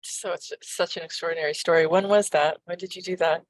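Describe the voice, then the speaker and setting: A woman's voice: on the low side, steady tone, brisk, no echo. A woman hosting an interview podcast, giving short affirming replies and questions. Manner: brief affirming responses. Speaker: podcast host.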